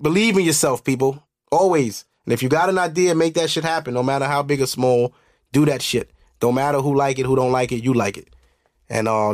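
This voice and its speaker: A man's voice: mid-range voice, dry recording. A young man with a New York accent runs his podcast in loose, profane banter. He sounds blunt and joking. The recording is close and dry. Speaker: podcast host. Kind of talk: casual chat.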